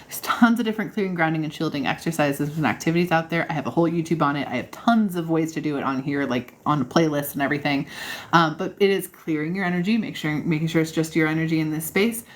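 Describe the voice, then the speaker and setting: A woman's voice: low-pitched, fast talker. A woman hosting a casual livestream, answering viewer questions in a bubbly, encouraging way and laughing often. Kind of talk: casual live chat.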